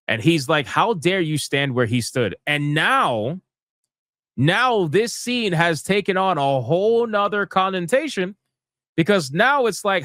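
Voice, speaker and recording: Brief: young male streamer, higher voice, dry sound, swearing and fuming through a live rant. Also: a bit bright, no room sound. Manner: heated, profane, exasperated ranting. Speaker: gaming commentary host. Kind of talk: live ranting commentary.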